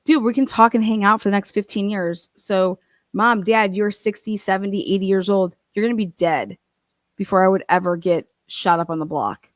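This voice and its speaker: A woman's voice: medium pitch, moderate pace, dry recording, clean studio sound. A woman hosting a commentary channel, ranting in a profane, combative way and acting out other people's voices. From Ohio.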